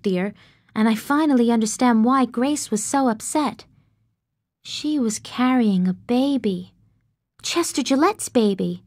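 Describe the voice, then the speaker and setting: A woman narrating a story in the first person in an earnest, expressive way, on a close studio mic. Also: on the high side, no room sound. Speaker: audiobook narrator.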